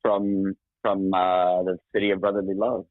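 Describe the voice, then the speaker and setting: A man's voice: deep voice, level tone, normal speed, dry recording. A man calling in by phone, chatting casually, rambling with frequent restarts and laughs. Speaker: caller. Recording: tinny phone line.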